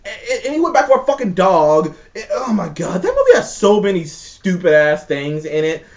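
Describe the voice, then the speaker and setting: A high, lively male voice rants in a casual chat, swearing freely and sounding exasperated. He stresses his points hard and swings his pitch up and down as he talks. The recording is a bit dull and lo-fi. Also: normal speed. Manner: profane, exasperated, emphatic. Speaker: show co-host ranking movies.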